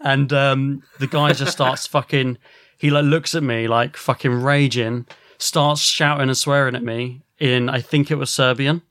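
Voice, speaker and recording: A man, a podcast host, telling a rambling, animated story and swearing a lot. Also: mid-range voice, a little slow, no echo, clean studio sound. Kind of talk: casual storytelling.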